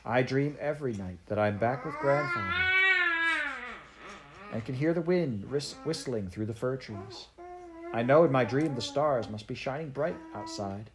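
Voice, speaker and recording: A woman's voice: a bass voice, expressive, moderate pace, background noise, voice pushed up. A woman reading aloud voices a homesick, frightened little girl who answers faintly and tearfully.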